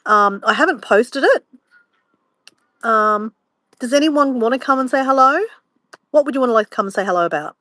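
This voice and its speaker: A young woman rambles through a casual livestream, slipping into animated retellings and the odd swear word. Her voice sits a little high, and the sound is dry and close. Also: moderate pace, long pauses, no echo, rough recording. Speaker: disability support worker.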